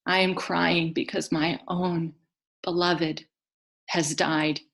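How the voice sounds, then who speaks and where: A woman voicing a grieving underworld queen, low and slow. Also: flat delivery, creaky, a bit bright, heavily acted.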